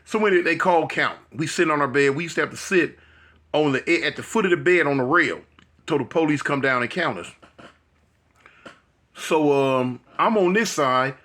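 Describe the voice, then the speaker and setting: An older man casually telling a story from his past to an online audience, acting out the quotes in a higher voice. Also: normal speed. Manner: animated, acts out quotes in a higher voice.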